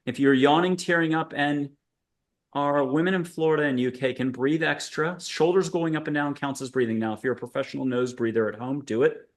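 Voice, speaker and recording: A man's voice: fairly high pitch, steady tone, fairly quick. Playful man guiding a meditation. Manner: playful, punning, rambling guidance. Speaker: host. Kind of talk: guided meditation on a panel show.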